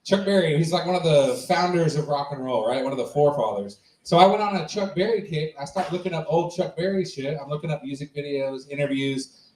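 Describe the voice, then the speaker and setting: A man's voice: fairly high pitch, brisk, a little mellow. Guy stalling onstage w a story, roomy club sound, kinda far from the mic. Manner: loose, rambling, profane. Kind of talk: stand-up storytelling. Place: comedy club stage. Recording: echoey club, mic held away.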